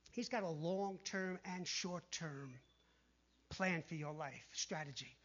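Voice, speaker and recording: A man preaching a sermon in an animated way, dropping to a hush when he quotes the tempters. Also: sits high. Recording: dull lo-fi sound.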